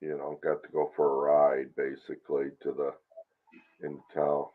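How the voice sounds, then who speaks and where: A man's voice: a bass voice, monotone, normal speed. A man joining a livestream by video call, chatting casually and mostly giving short, laid-back replies. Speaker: guest on the stream. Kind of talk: casual chat. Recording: tinny call audio.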